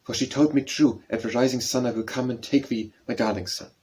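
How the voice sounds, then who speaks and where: A man's voice: mid-range voice, steady tone, a little fast, darkish tone, breathy edge, lightly acted. A man voicing a little grieving orphan boy in a plaintive, pleading tone, reading a storybook poem aloud. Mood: eager.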